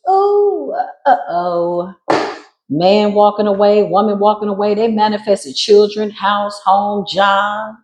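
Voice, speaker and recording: A woman giving a spiritual reading in a casual monologue, brash and sassy, swearing freely and jumping into sudden high squeals. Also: lively intonation, takes it slowly, a little mellow, echoey room, muffled recording. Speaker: spiritual reader.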